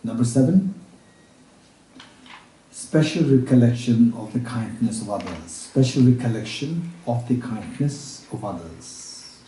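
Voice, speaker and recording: A man teaching Buddhist practice at a retreat, repeating each point slowly as if dictating, with halting restarts and check-ins with his listeners. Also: medium pitch, expressive, warm tone, slight background noise. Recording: roomy room, speaker far from mic.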